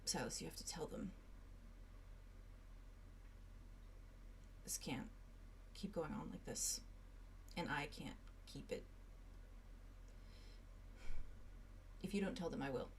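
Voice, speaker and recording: A woman's voice: on the low side, steady tone, quick pace, a little hiss or hum, natural voice. Woman voicing a stern, diplomatic man. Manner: quiet, firm, serious.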